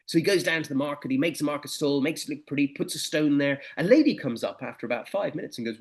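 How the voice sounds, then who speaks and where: A man's voice: fairly high pitch, fast, few pauses. A middle-aged man giving a motivational presentation, telling anecdotes and stories. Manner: anecdotal, animated storytelling. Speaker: motivational speaker.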